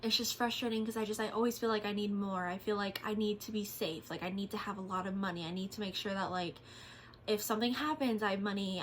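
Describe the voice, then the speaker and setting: A woman's voice: medium pitch, a little hiss or hum. A young woman vlogging from home, talking in a candid, rambling way and venting about her day with lots of fillers. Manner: candid, rambling, vents frustration with frequent fillers. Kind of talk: casual vlog chat.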